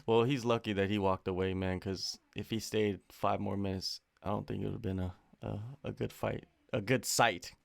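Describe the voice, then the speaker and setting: A man interviewing a fighter in a relaxed, agreeable way, with short reactions. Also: on the low side, normal speed, vocal fry, hardly any pauses, dry recording. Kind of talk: casual interview chat.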